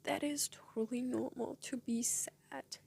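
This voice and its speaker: Young woman, slow and halting with frequent whispered passages, tearful, breathy, somewhat high voice; personal vlog storytelling. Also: fairly even intonation. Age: young adult. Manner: soft, halting, often drops to a whisper. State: tearful, voice breaking. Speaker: vlogger.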